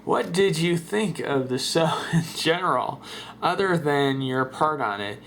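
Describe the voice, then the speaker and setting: A man's voice: on the high side, expressive, a little slow, a bit bright, a little hiss or hum. A man voicing a bemused male radio host who hesitates with many fillers, in a comic voice-over dub.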